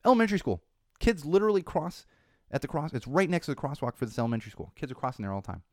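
Guy ranting on his podcast, fast and all over the place pitch-wise, dry close mic. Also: expressive, darkish tone, no room sound. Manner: rambling, indignant ranting. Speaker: podcast host. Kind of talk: casual podcast monologue. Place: Los Angeles.

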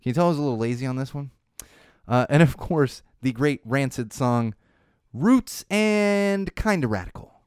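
A man's voice: mid-range voice, a little fast, a little mellow, clear, resonant tone, no echo, clean studio sound. A man hosting a podcast, giving blunt, sarcastic commentary on trending news and swearing freely. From United States. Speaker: podcast host. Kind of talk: casual opinionated commentary. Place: California.

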